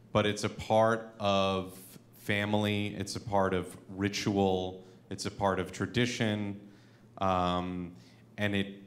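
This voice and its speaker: Slow, deep-voiced man asking a question. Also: a bit bright, slight background noise. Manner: thoughtful, asking a long question. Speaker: panel participant, son of a co-president. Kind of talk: panel conversation. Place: synagogue event hall.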